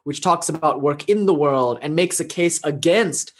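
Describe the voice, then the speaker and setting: A male meditation teacher speaks in a relaxed, conversational way with a voice that sits a bit high. He tells his stories animatedly and often breaks into laughter. This is an informal spiritual talk with questions from the group. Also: normal speed, breathy edge.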